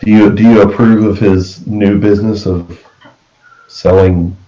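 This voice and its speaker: A man hosting a casual group chat, easygoing and quick to laugh. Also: fairly low pitch, steady tone, warm tone, reverberant, lo-fi sound.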